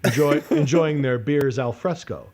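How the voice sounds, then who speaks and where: A man's voice: mid-range voice, a little slow. A man in his forties co-hosting a podcast, telling a story casually, swearing freely and cutting himself off mid-sentence. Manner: profane, animated storyteller with self-interruptions. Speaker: podcast co-host. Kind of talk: casual storytelling among friends.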